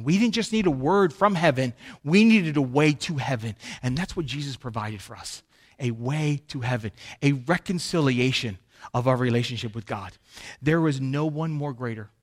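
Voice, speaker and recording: A man preaching a sermon to his church, emphatic and animated, swinging between loud and quiet. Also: medium pitch. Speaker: pastor.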